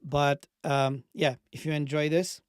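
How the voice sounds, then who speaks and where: A man hosting a casual screen-share walkthrough of a software tool, talking through each click as he goes. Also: on the high side, steady tone, a little slow, clear, resonant tone, dry recording, studio quality. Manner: casual, conversational, thinks aloud while clicking. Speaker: channel host.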